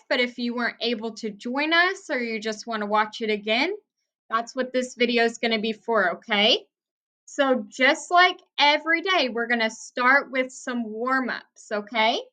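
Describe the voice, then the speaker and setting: A young woman teaching first graders a recorded phonics lesson, speaking clearly and encouragingly with steady praise. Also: on the high side, measured pace.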